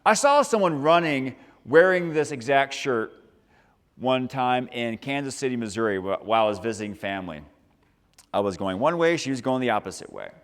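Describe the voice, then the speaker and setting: A man giving a lively, upbeat motivational talk to a high school audience and asking the crowd questions. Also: normal speed. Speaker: motivational speaker. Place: large school hall. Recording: long reverb from a large hall.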